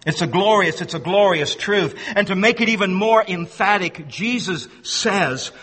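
Male preacher, high bright voice, emphatic and repetitive delivery, long church reverb. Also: moderate pace, husky. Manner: emphatic, swings between loud stresses and hushed low words, repeats himself. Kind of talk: sermon. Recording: long reverb of a large hall.

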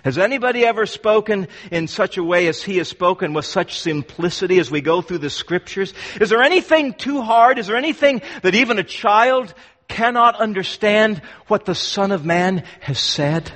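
A man's voice: sits high, expressive, normal speed, a bit bright. A man preaching a sermon to his congregation, emphatic and repeating words for force. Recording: long hall reverb.

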